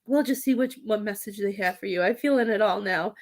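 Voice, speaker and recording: Halting woman giving a psychic reading. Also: medium pitch. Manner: halting, rambling with many restarts. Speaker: psychic medium.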